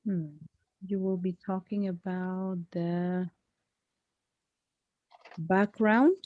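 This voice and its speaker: A woman teaching English one-on-one, speaking patiently and correcting her student gently. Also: fairly low pitch, fairly even intonation, very slow, dry recording, phone-quality sound. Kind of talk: one-on-one online English lesson.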